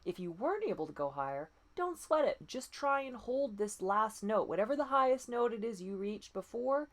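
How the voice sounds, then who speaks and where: A woman voice coach leading breathing and pitch exercises, patient and encouraging, often demonstrating breathy sighs. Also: sing-song, normal speed. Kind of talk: guided voice exercise lesson.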